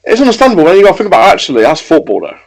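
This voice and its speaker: Fast-talking man ranting. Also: high voice, low-quality recording. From England. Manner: ranting, swears, quick and animated. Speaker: podcast co-host. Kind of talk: casual football chat.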